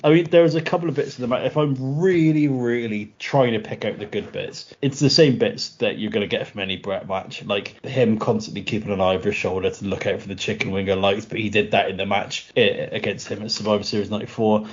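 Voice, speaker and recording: A man's voice: on the low side, fairly even intonation, brisk, hardly any pauses. A man co-hosting a podcast, chatting enthusiastically and laughing often as he retells scenes. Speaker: podcast co-host. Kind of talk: casual podcast review chat. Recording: slightly dull podcast audio.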